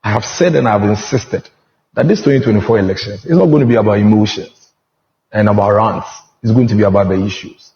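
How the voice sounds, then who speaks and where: A man with a Ghanaian English accent, speaking as a guest on a political discussion panel and arguing his case point by point. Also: fairly low pitch. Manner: deliberate, argues point by point. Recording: roomy, muffled TV studio audio.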